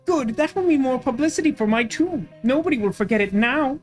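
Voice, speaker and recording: A woman's voice: sits high, lively intonation, fairly quick, soft background music. A woman voicing a vain, haughty ancient queen who has become a vengeful cyber ghost, declaiming grandly. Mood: smug. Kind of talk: voicing game characters.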